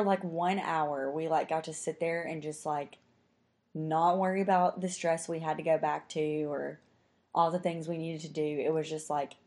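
Young woman, low voice, casual chat, chatty, lots of "like". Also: darkish tone. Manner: chatty, says "like" constantly. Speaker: storyteller.

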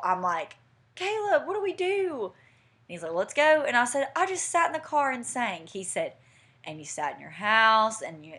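A young woman co-hosting a podcast, telling a story in casual chat and acting out what people said. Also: on the low side. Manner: animated storyteller, acting out quotes. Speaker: podcast co-host.

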